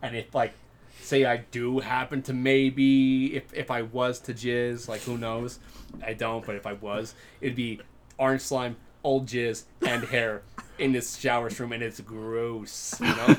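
A man's voice: mid-range voice, little pitch movement, unhurried, slight background noise. Crude, rambling male podcast co-host. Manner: crude, rambling, laughs often. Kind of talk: casual chat.

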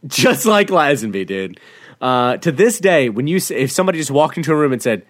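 A man co-hosting a podcast, animated and profane, laughing easily as he chats. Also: medium pitch, brisk, dry recording, clean studio sound. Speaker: podcast co-host. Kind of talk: casual chat.

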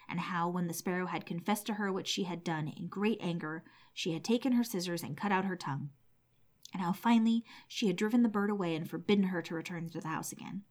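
A woman's voice: fairly low pitch, darkish tone. Woman narrating an old storybook tale.

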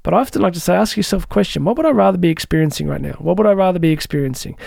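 A man hosting a reflective podcast, talking through personal-growth advice in a relaxed coaching manner with frequent asides to the listener. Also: high voice, very fast, vocal fry, no echo, studio quality. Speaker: host.

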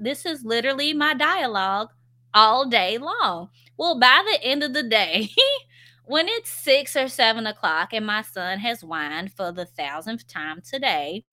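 A young stay-at-home mom talks candidly to her followers in a casual vlog about her parenting experiences. Her medium-pitched voice is bright and forceful, peppered with fillers and self-deprecating laughs.

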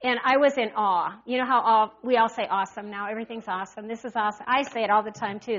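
High bright-voiced woman preaching. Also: fast, few pauses, lo-fi sound. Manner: animated, call-and-response with congregation. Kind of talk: sermon.

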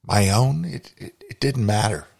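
Man, podcast host, personal story told slowly, husky low voice, reflective. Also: animated, a little mellow. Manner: reflective, confessional.

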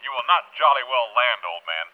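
A man's voice: mid-range voice, sing-song, a little fast, narrow, tinny audio, slight background noise, lightly acted. Guy doing a stuffy british sub captain, put-on accent, bouncy pompous voice. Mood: blustering. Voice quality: stuffy, full of old-fashioned slang. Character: pompous blustering British submarine captain, male.

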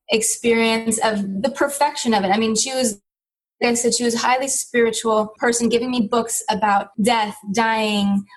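A woman's voice: on the high side, rough recording. Earnest woman telling a personal story. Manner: earnest, reflective, with frequent restarts. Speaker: interview guest.

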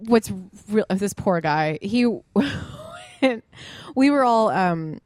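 A woman co-hosting a podcast, telling stories in casual chat with animated delivery, frequent swearing and laughter. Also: mid-range voice, drawn-out words, no room sound, clean studio sound. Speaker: podcast co-host.

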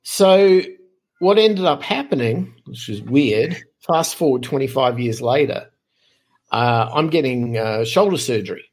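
Middle-aged Aussie male podcast guest, slightly raspy, chatty animated storyteller. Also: medium pitch, a little slow. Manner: animated, lively anecdotes with frequent fillers. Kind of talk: casual storytelling.

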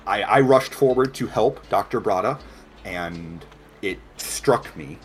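A man voicing a polite, burn-scarred blind assistant who speaks gently and stammers often. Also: fairly low pitch, expressive, takes it slowly, slight background noise. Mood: haunted.

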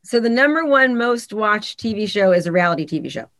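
A woman's voice: mid-range voice, brisk, dry recording. A woman, a real estate agent and coach, talking candidly in a casual podcast interview and acting out the people she quotes. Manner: candid, animated storytelling with voiced quotes.

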